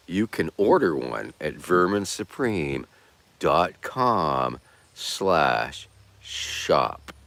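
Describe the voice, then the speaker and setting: Man, casual livestream host, rambling, laid-back, swears casually, very lively pitch. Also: no echo. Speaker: streamer host.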